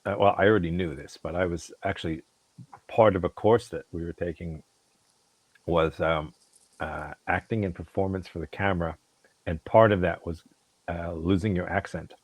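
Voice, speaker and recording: A man's voice: low-pitched, steady tone, moderate pace, no echo, rough recording. A man from Brooklyn chatting casually as a podcast co-host, telling rambling stories full of fillers and restarts. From New York, Brooklyn. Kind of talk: casual chat.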